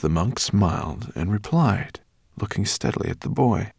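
A man narrating a children's fantasy novel in a measured storytelling manner. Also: on the low side, expressive, gravelly, a little mellow, breathy edge, no echo, clean studio sound. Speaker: audiobook narrator. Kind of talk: scripted narration.

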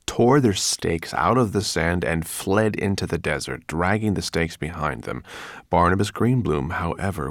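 A man reading a storybook aloud with measured, expressive storytelling. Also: low-pitched, gravelly, no echo, studio quality. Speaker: narrator. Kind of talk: audiobook narration.

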